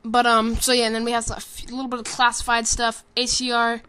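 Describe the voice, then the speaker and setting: A woman's voice: fairly high pitch, monotone, a little fast, fairly bright tone, smooth. Tired, rambling woman commentating a game trailer. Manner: rambling, many ums, self-correcting. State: tired, sleepy. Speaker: gaming commentator.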